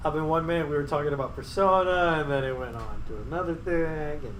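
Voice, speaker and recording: A man's voice: a little high, quick pace, a bit bright, distant mic, slight background noise. A man co-hosting a casual podcast with friends, joking and laughing. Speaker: podcast co-host. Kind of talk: casual chat.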